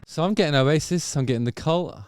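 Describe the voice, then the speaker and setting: Slightly high-voiced and fairly quick, the male host of a music review video muses through casual reactions that trail off into self-corrections, while faint music from the video he's reviewing sits behind him.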